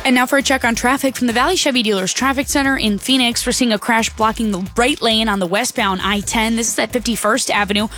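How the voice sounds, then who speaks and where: A woman reading a radio newscast as the station's anchor, in a crisp, even newsreader delivery. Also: on the high side, fast talker, few pauses, faint music behind. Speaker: news anchor.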